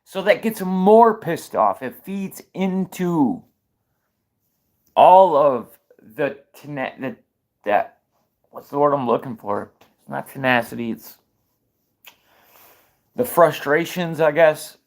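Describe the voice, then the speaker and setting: A man's voice: fairly high pitch, slow pace, long pauses. A man giving opinionated livestream commentary, fired up, firing rhetorical questions and restarting sentences mid-thought.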